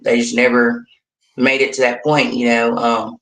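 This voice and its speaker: Bright Southern woman on an echoey call. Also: rumbling low, level tone, moderate pace. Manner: laughs easily, uses y'all and you know. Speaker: guest. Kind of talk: casual interview chat.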